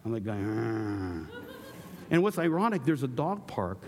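A middle-aged man preaching a sermon as pastor, animated and jokey, slipping into acted asides. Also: a little high, a little fast, in a large hall.

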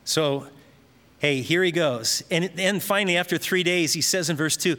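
A man's voice: a little high, moderate pace, sharp tone. A man preaching a sermon, telling Bible stories and briefly acting out the voices in them. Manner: storytelling preacher, acts out voices in anecdotes. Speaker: pastor. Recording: long hall reverb.

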